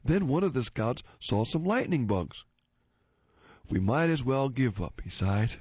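A man hosting a joke segment, reading listener jokes aloud in an animated way and chuckling after the punchlines. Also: mid-range voice, unhurried, husky, no echo. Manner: animated, switches voices for joke characters. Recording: dull, dry lo-fi recording.

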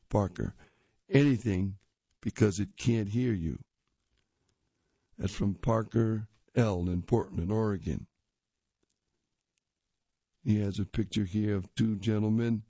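Low, mellow man reading jokes at an unhurried pace with chuckles; dry, dull lo-fi recording. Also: no echo. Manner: chuckles at the jokes, casual asides. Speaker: reader of readers' jokes.

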